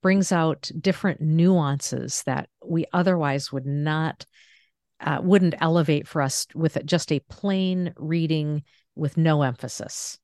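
A woman podcast host talking in a calm, reflective way, slowly repeating phrases. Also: low-pitched, no room sound, studio quality. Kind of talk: casual faith-based conversation.

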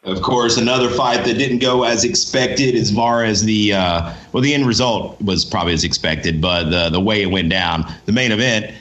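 A man's voice: on the low side, normal speed, few pauses, fairly bright tone. A man co-hosting a fight podcast, talking casually and tossing questions to his co-host. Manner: conversational, tosses questions to co-host. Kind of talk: casual sports talk.

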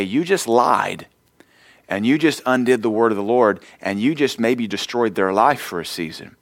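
A man's voice: medium pitch, animated, normal speed, no room sound. A middle-aged man preaching a sermon as pastor, emphatic, quoting scripture.

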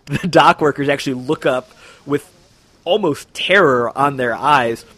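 A man narrating a tabletop game as game master, measured and descriptive. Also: medium pitch, fairly bright tone, dry recording.

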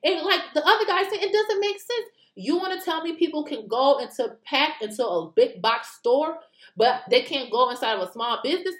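A fairly high-voiced American woman delivers casual opinion commentary in an echoey room. She is animated and indignant and keeps firing rhetorical questions with mocking asides. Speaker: political commentary vlogger.

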